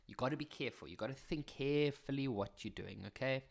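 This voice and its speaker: Joking South African maths teacher. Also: male voice, medium pitch, quick pace, gravelly, few pauses. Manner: chatty, joking, self-deprecating asides. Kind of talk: video maths lesson.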